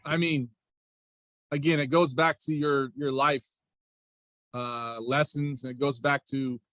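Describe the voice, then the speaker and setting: A man in his forties, a high school basketball coach and athletic director, telling stories in a casual interview with a rambling manner, often circling back with "again" and "right?". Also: steady tone, slow, fairly bright tone, no room sound. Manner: rambling, repeats "again" and "right?", frequent restarts.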